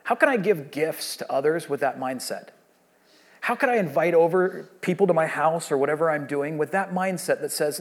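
A man's voice: on the high side, normal speed. A man in his thirties, a pastor preaching a sermon and telling a long story in a conversational way with frequent restarts.

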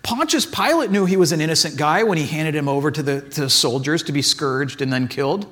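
A man's voice: fairly high pitch, fairly quick, fairly bright tone. A man giving a casual, conversational sermon as a pastor, telling stories in a chatty way full of "like" and acted asides.

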